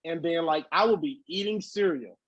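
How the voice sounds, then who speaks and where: A man with a high, husky voice talks loosely and swears freely as a podcast guest. He jumps into acted-out quotes. The sound is dry and a little dull. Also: moderate pace, dry recording. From Southern California. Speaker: guest hip hop artist. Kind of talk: casual podcast interview.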